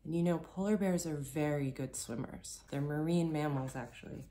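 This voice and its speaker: A woman reading a picture book aloud to children, gently explaining as she goes and asking them questions. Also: sits low, slight background noise. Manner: gentle, slow storytelling, speaking directly to children.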